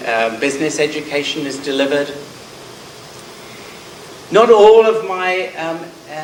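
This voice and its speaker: A man's voice: medium pitch, fairly bright tone, slight background noise. A middle-aged man from Scotland with a southern English accent, giving a conference talk with frequent ums and a self-deprecating manner. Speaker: conference speaker. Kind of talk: conference presentation. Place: conference hall. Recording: roomy hall sound from a distance.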